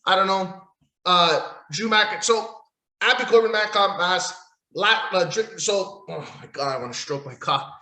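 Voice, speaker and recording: A man's voice: high voice, a little slow, bright, forceful tone. A man hosting a solo podcast, recapping in a rambling, profane, sarcastic way. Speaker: podcast host. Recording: echoey room.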